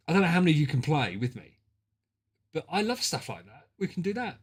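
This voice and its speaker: A British man streaming a drawing game, chatting casually with friends and reacting loudly to their guesses. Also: on the high side, fast, breathy edge, soft background music. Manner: excitable, banter-heavy and sweary, reacting to guesses. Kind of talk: casual gaming stream chat.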